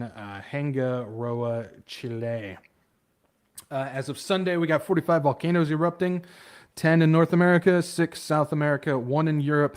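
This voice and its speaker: Rambling, off-the-cuff male livestream host. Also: mid-range voice. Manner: rambling, stumbles over hard words and laughs at himself; loose and off the cuff, trails off into mumbles. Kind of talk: casual livestream commentary.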